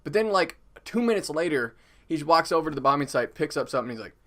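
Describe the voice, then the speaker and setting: A man's voice: fairly high pitch, animated, fast, fairly bright tone. A young man giving a casual, chatty movie review, full of fillers.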